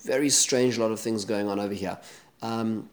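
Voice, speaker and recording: A man's voice: lowish voice, fairly even intonation, moderate pace. A man teaching a Torah study lesson, retelling a Bible story in a conversational way with Hebrew terms and frequent restarts.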